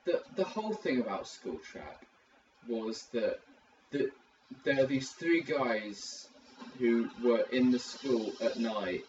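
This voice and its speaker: Man, podcast co-host, animated pitch, recorded from a distance. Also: slow pace. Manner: lively, rambling and joking. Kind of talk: casual chat. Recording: distant mic, dull sound, faint hiss.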